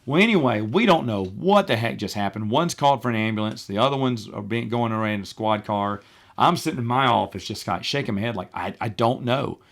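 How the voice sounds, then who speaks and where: A middle-aged man hosting a podcast, telling work stories in a casual, animated way with wry, exasperated asides, acting out the people he quotes. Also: lowish voice, fast talker. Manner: animated, acts out quoted people in changed voices. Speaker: podcast host. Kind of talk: casual storytelling monologue.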